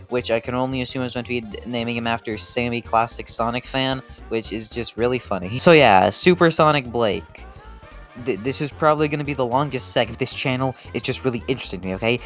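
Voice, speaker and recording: Brief: male commentator, mid pitch, loose and profane, stammery restarts, faint music behind. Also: a bit bright. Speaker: video essayist. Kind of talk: casual video-essay commentary.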